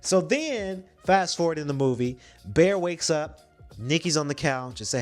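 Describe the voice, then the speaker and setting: A man hosting a podcast, casually retelling a movie plot in slangy, animated storytelling with some swearing. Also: on the high side, normal speed, soft background music. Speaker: podcast host.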